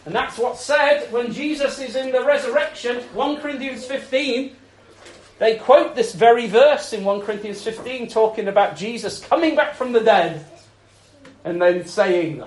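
A man preaching a sermon, telling stories expressively, with loud emphasis and soft, intense passages. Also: sits high, animated, normal speed. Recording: echoey room with faint ambience.

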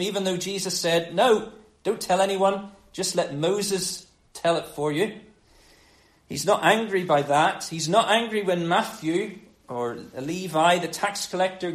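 The recording is rough and reverberant as this man preaches a sermon on a gospel passage. His style is conversational and animated, sinking low and quiet whenever he wants emphasis.

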